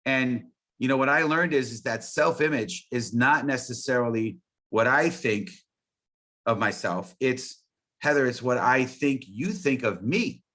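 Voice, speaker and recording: A man's voice: mid-range voice, lively intonation, unhurried, bright, forceful tone. A man talking as an interview guest, earnest and rambling with many restarts. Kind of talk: casual interview chat.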